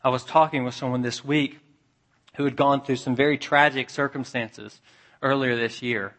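A man preaching a sermon as pastor, earnest, dropping soft and low for the tender passages. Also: fairly even intonation, normal speed.

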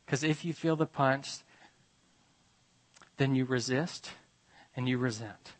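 A man's voice: mid-range voice, fairly bright tone. A man preaching a sermon, emphatic and repetitive, pressing his listeners with rhetorical questions.

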